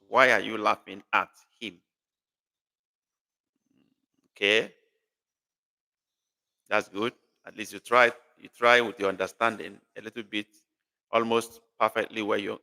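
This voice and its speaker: A man's voice: on the low side, vocal fry, pushed and bright. A man teaching a live online language class, patiently repeating and correcting a student's sentences. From Nigeria. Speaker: language tutor.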